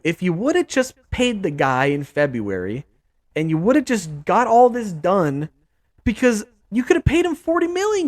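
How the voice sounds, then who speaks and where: A young man hosting a casual sports podcast, ranting with lots of restarts and mock quotes. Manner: animated, repetitive, swings pitch up for mock quotes. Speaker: podcast host.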